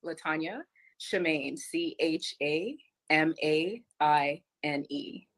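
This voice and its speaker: A woman in her forties, a guest on a dating show, speaking calmly and matter-of-factly. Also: low-pitched, takes it slowly. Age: 40s. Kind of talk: casual interview talk.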